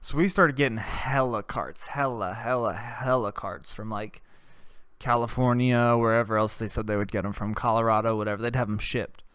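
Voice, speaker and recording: A man's voice: mid-range voice, fairly even intonation, moderate pace, a bit bright, clean tone, no echo, clean studio sound. A young adult man hosting a podcast. He tells stories in a loose, casual monologue, swears a lot and laughs at his own tales. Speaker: podcast host.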